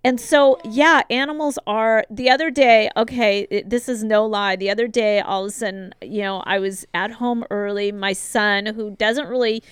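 Chatty woman host, very crisp dry voice. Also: medium pitch, normal speed, hardly any pauses, no echo. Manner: chatty, animated storyteller. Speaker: talk show host. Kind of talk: casual chat.

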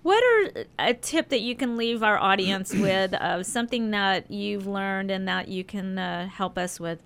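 A woman's voice: medium pitch, expressive, a little slow, vocal fry, fairly bright tone, clean tone. A woman hosting a radio talk show, chatting upbeat with lots of fillers. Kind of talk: casual radio chat.

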